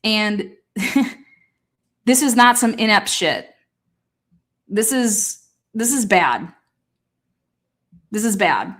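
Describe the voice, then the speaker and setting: A woman talking through a case in a casual livestream, rapid, heated and full of swearing. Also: mid-range voice, expressive, a bit bright. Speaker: true-crime commentator.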